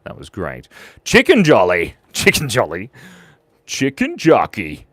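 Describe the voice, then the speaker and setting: A goofy, playful man with a lowish voice that swings up and down a lot, chatting to viewers while he draws. The sound is close and dry, with no room echo. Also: huge pitch swings, a little slow, a bit bright. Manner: playful, goofy, talks to the chat. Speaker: channel host drawing viewer suggestions. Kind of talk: casual live-stream chat while drawing.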